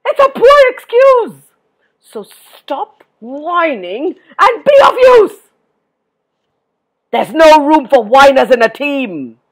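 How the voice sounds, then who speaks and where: A woman voicing a furious male walrus leader who shouts and scolds, stretching out his words. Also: sits high, very animated, takes it slowly, pitched above the performer's own voice, exaggerated voice.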